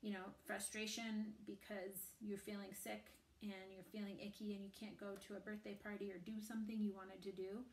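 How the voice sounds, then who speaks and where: A woman teaching a gentle family yoga class, calmly cueing breaths and poses and adding playful asides for children. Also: medium pitch, brisk, hardly any pauses. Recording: roomy echo, mic at a distance.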